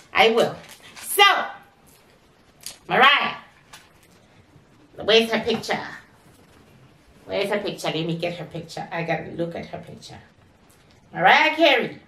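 A woman delivers a spiritual reading in a chatty, exclamatory way, often repeating herself. Her voice is bright and somewhat high, and she speaks slowly. She sounds distant from the mic in an echoey room. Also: lively intonation. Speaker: psychic reader.

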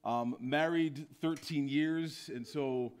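A man's voice: on the high side, takes it slowly, a little mellow, clean tone. A man preaching a sermon in church. He tells stories playfully and acts out the voices he quotes.

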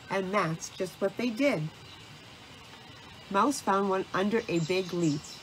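A woman reads a children's storybook aloud at an unhurried, deliberate pace. Her voice sits at a middling pitch, with a faint hiss in the background. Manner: slow and deliberate. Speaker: storybook narrator. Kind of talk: scripted storybook narration.

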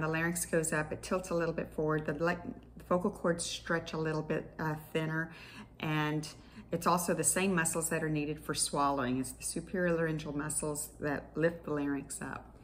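Woman therapist, low voice, patient clinical explainer, faint hiss behind, instructional class tone. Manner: patient, explanatory, clinical terms with small restarts. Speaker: speech-language pathologist teaching an exercise class.

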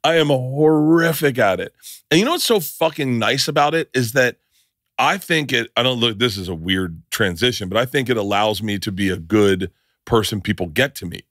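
Man, podcast host, casual storytelling, very lively pitch, dry room. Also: moderate pace, no room sound. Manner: animated storyteller, laughs a lot. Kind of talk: casual chat.

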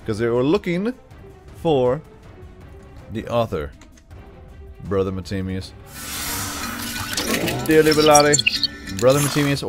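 A man narrating his let's play video, rambling cheerfully as he explains each puzzle step aloud. His voice sits on the low side. Soft music plays in the background. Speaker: gaming video host.

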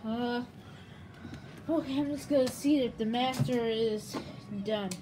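A woman playing with toys and acting out scenes in excitable voices, prone to shouty outbursts, over a faint hiss. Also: fairly high pitch, unhurried. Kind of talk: toy play with character voices.

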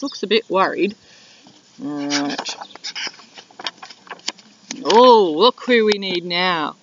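Animated woman teacher reading aloud. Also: mid-range voice, far from the mic, a little hiss or hum. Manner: animated, drawn-out teacher talk. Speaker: primary school teacher. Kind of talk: reading a picture book to children on video. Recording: dull lo-fi video sound.

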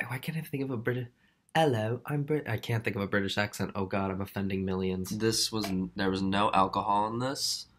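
A man from Minnesota talks into a handheld camera in a very low, tired voice. He is jet-lagged and rambles, mocking himself with loose casual chatter. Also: noisy background. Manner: self-mocking, rambling, laughs between lines. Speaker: vlogger. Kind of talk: casual vlog chat to camera. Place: traveling, indoors and out.

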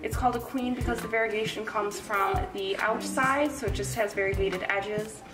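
A woman's voice: medium pitch, normal speed. A young woman co-hosting a casual home show, chatty and self-mocking with crude asides, touring her houseplants. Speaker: cooking show co-host giving a plant tour. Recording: roomy, from a distance, with music behind.

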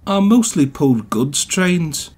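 A man's voice: a little high, very animated, takes it slowly, darkish tone, breathy edge, voice pushed up, full character voice. A man voicing a big, nervous male goods engine who talks in a mournful, anxious way. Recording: music playing behind.

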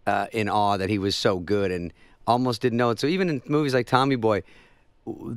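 Guy comedian, lowish voice, dry studio mic, deadpan storytelling. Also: clean tone, no echo. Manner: dry storytelling, mimics others in quick voices. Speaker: comedian guest. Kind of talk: casual talk-show anecdotes.

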